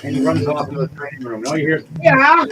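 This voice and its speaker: A man's voice: a little high, steady tone, rapid-fire, crowd noise, rough recording. A man narrating a tabletop game as game master, loose and crude, often laughing, over background music.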